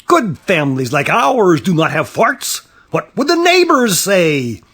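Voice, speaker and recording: A man voicing a fussy, prim mother in a storybook, scolding quickly and prissily. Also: high voice, big pitch swings, pushed and bright, slightly rough, pitched above the performer's own voice, full character voice. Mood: prissy. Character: prim, fussy mother worried about the neighbors.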